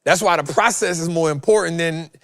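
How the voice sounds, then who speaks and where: Animated, preachy man with a dry, close sound. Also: fairly high pitch, brisk, gravelly, no room sound. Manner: animated, swings loud and soft, repeats phrases. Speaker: host. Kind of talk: preachy motivational talk.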